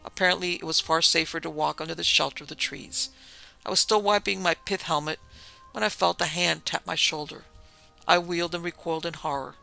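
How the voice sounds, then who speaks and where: Gravelly, bright male storyteller over music. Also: a little high, fairly even intonation, fairly quick. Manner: dramatic first-person storytelling. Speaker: narrator. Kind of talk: scripted narration of a pulp horror story.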